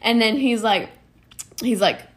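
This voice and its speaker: Brief: young woman vlogger, slightly high voice, bubbly storyteller. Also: a little slow. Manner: bubbly, storytelling, laughs often. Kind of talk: casual chat.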